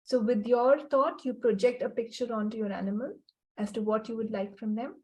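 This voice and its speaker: A woman's voice: on the high side, steady tone, brisk, darkish tone, low-quality recording. A middle-aged woman leading a group call as facilitator, teaching earnestly, repeating her points and acting out quoted lines. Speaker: facilitator of a healing book club call.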